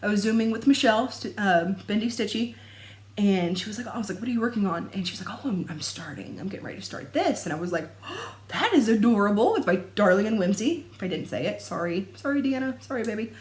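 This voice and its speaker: In an echoey room, a young adult woman speaks fast at medium pitch, chatting casually to camera about her cross-stitching. She rambles and laughs often.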